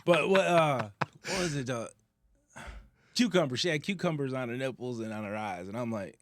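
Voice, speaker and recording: A man's voice: medium pitch, normal speed, dry recording, studio quality. A man co-hosting a casual bar-talk podcast, telling a story with lots of swearing and laughter. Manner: animated, profane, laughs through his story. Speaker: podcast co-host.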